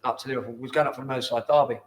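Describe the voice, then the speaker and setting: A middle-aged man, a former footballer telling rambling, lively anecdotes as an interview guest in a bar. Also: medium pitch, racing. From London. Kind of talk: casual storytelling over a pint. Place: bar, indoors.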